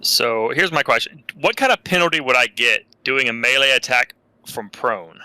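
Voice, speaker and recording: Sharp, bright-voiced man playing a tabletop game. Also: medium pitch, lively intonation, moderate pace, dry recording, rough recording. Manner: asks rules questions before acting. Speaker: player. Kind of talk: casual tabletop game play.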